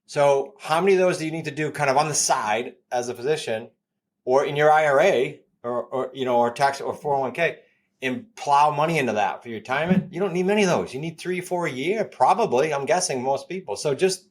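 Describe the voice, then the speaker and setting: A man in his fifties with a New England accent, a guest on a podcast interview, pitching his ideas with energy and repeating key points. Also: animated, a little fast. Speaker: guest, real estate coach.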